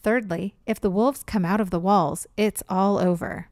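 A woman voicing a teasing, know-it-all young boy who talks loudly. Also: mid-range voice, fairly even intonation, moderate pace, no room sound, studio quality, close to an everyday voice. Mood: smug. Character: boastful young boy, teasing older brother.

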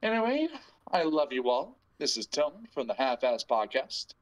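A man's voice: on the high side, very animated, normal speed, poor audio. A man hosting a podcast, rambling and joking crudely in casual banter. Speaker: podcast host.

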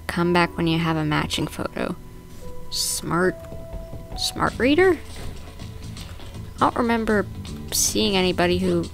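Woman gaming host, somewhat low-pitched, chatty and playful, with soft music underneath. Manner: chatty and playful, narrating her own moves. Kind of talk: casual let's-play commentary.

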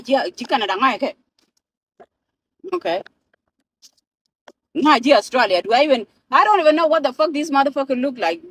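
A woman's voice: high voice, fairly bright tone, poor audio. A South Sudanese woman in a car, ranting and swearing into her phone camera, switching between languages. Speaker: vlogger. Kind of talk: profane ranting vlog.

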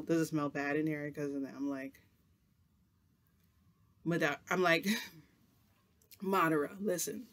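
High-voiced man telling a rambling story. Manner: rambling, animated, with frequent restarts and laughs. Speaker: vlogger. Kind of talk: casual storytelling.

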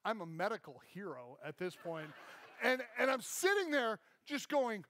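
A man's voice: sits high, big pitch swings, normal speed, a bit bright. A man preaching a sermon as a pastor, telling a self-deprecating story and acting out the people in it. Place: church.

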